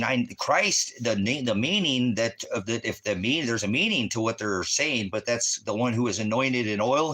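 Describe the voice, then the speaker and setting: A man's voice: medium pitch, pushed and bright. A man preaching in a ranting religious monologue, combative and full of rhetorical questions.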